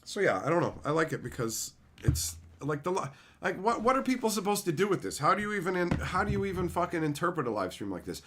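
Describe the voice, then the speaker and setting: A man chatting casually with viewers on a live stream, profane, animated and openly emotional. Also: high-pitched, quick pace, few pauses, a little hiss or hum.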